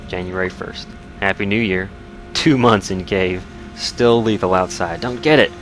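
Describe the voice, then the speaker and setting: A man's voice: low-pitched, measured pace, faint music behind, poor audio. A man voicing a grieving, hardened lone survivalist who speaks in clipped fragments with a slight Southern drawl. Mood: weary.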